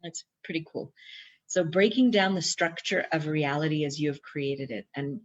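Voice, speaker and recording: A woman teaching personal growth, reading from a workbook and adding casual, digressive commentary with fillers and quick asides. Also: deep voice. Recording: dull lo-fi recording.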